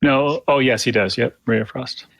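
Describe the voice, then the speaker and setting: A man's voice: medium pitch, fairly even intonation, moderate pace, creaky, no echo. A man playing a tabletop game, matter-of-fact as he counts out his moves. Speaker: player. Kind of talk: casual tabletop play.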